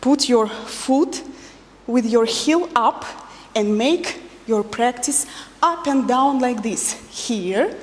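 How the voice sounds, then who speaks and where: High, lively woman teaching dance. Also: takes it slowly. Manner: counts beats and gives instructions. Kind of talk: instructional dance class. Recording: long reverb with faint music.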